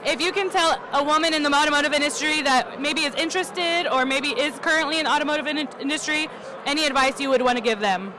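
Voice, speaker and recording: A woman's voice: high-pitched, fast, a crowd in the background, noisy background. A woman host interviewing guests at a trade show in an upbeat, gushing way.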